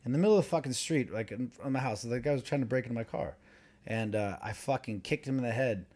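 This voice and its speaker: Podcast co-host, man in his thirties, animated storyteller who swears a lot. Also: medium pitch, quick pace. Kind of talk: casual storytelling.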